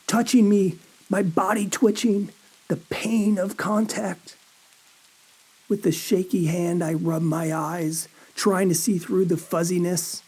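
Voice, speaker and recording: A man reads a first-person horror story at an unhurried, drawn-out pace. His voice is mellow and warm, and his delivery is a dazed, anxious inner monologue full of halting questions. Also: high-pitched.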